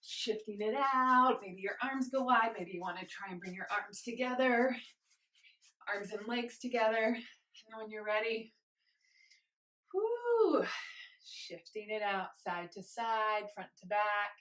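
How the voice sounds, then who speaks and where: A young woman leading a guided movement class, encouraging and gentle, a little out of breath as she moves. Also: medium pitch, fairly even intonation, moderate pace. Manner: encouraging, gentle, invites choices. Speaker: movement instructor. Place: home room with carpet.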